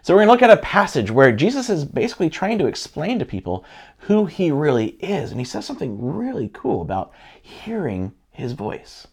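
A man's voice: on the high side, wildly swooping pitch, brisk, gravelly, breathy edge. A middle-aged man, a pastor, teaching a sermon in an earnest, conversational way with frequent restarts.

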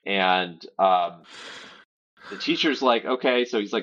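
A man's voice: fairly low pitch, takes it slowly, pauses often, fairly bright tone, dull audio. A man on a remote podcast call, telling a rambling story in casual chat with swearing and fillers. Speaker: podcast co-host.

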